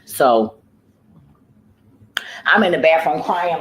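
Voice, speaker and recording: A woman's voice: lowish voice, animated, takes it slowly, pauses often, poor audio. A woman who works as a home care worker, talking casually in a vlog. She tells her story in a profane, rambling way, often trailing off and starting over.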